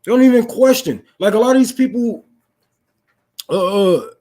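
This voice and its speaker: A man's voice: high voice, expressive, normal speed, mellow. A young man in an unscripted political rant, profane and fired-up, preaching to his listeners. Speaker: political talk host.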